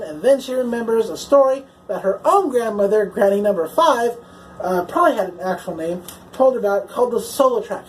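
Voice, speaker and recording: A woman's voice: on the high side, a little mellow, a little hiss or hum, low-quality recording. A woman casually recapping a TV episode as a reviewer, chatty and swearing freely, filling her talk with "like" and "you know".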